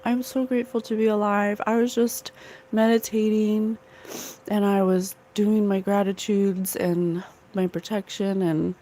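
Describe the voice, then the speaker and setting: Slow-talking woman psychic livestream host. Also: medium pitch, little pitch movement, warm tone. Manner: emotional, earnest, talks to viewers in chat. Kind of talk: casual spiritual livestream chat.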